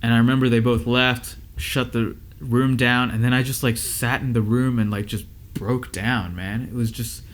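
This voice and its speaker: A young adult man, an audio engineer, talking candidly to camera, giving advice and telling a rough story with lots of fillers and restarts. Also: mid-range voice, steady tone, moderate pace, hardly any pauses. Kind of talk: casual advice talk to camera.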